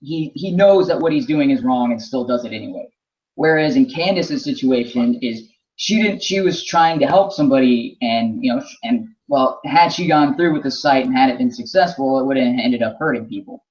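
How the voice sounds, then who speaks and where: A man's voice: mid-range voice, a little mellow. Man reasoning aloud, lo-fi sound. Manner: measured, reasoning aloud with restarts. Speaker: podcast co-host. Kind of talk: casual discussion. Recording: dull lo-fi sound.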